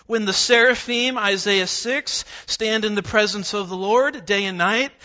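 A man preaching in a church, his voice pitched high and bright as he drives his points home with repeated phrases and scripture references. The recording sounds a little dull and lo-fi. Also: measured pace. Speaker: pastor. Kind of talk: verse-by-verse sermon. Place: church sanctuary.

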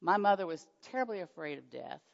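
A gravelly, expressive voice moving at a quick pace belongs to an older woman born in Oklahoma who speaks with a Texan accent, sharing her faith testimony with a church hall audience as a guest speaker. She tells her stories chattily, nervously and self-deprecatingly, acting out dialogue with pitch jumps, in a dull, echoey hall recording.

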